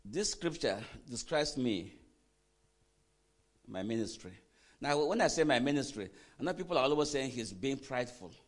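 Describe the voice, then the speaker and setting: Man, sermon, lively swooping pitch, questions to the congregation, quiet asides and loud emphatic bursts. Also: moderate pace. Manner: animated preaching, call-and-response questions to the congregation. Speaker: pastor.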